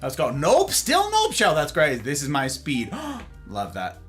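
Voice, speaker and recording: A man's voice: medium pitch, big pitch swings, normal speed, fairly bright tone, soft background music. A man hosting a casual live stream from his home office, playfully greeting viewers by name and chatting with them. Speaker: livestream host.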